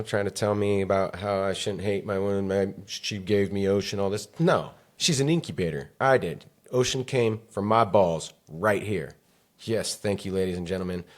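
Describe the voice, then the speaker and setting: A man with a fairly low voice talks alone into his podcast mic. He rambles candidly and curses often. His delivery is emotional and confessional. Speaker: podcast host. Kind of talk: solo podcast monologue.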